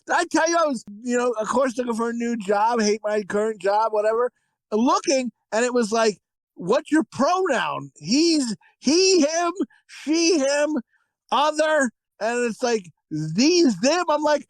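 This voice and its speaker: A man co-hosting a casual movie review podcast, talking in a crude, profane, rambling and excitable way. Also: very high voice, measured pace, dry recording, rough recording. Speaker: podcast co-host.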